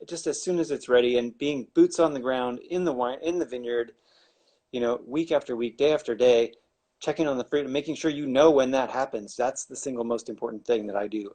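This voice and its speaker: A man's voice: mid-range voice, warm tone. A man, a winemaker, explaining wine making in a casual, rambling way with wry asides and many restarts.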